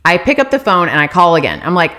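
A woman telling a story on her vlog in a casual, animated and exasperated way, swearing freely. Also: on the low side, fast talker.

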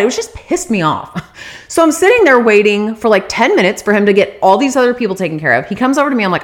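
A woman's voice: medium pitch, sing-song, fast. A woman telling her viewers a story in a casual, profane, exasperated rant.

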